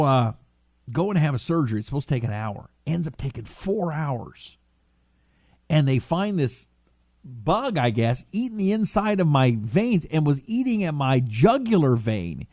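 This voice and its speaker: A man's voice: a little high, darkish tone, no echo, clean studio sound. A middle-aged man hosting a casual talk stream, reading viewer comments aloud and riffing on them in a chatty, rambling way. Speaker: talk show host.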